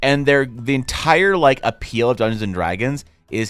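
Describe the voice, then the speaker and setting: A man streaming, chatting casually while he draws, in a rambling, profane, animated way. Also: mid-range voice, normal speed, clean tone, no room sound, soft background music.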